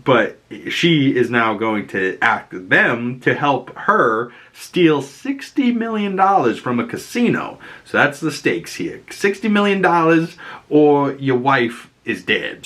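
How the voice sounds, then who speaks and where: A man's voice: medium pitch, fairly bright tone. A man giving casual, chatty reaction commentary on a movie trailer, laughing often.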